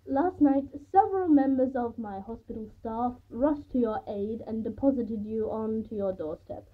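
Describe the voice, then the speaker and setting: A chilly, superior lady doctor with a heavy foreign accent, as a woman reads her lines, speaking slowly and calmly in clipped phrases. The voice is fairly high and a bit husky. The sound is thin and tinny, like a phone line. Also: lightly acted. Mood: cold. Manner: slow, calm and clipped.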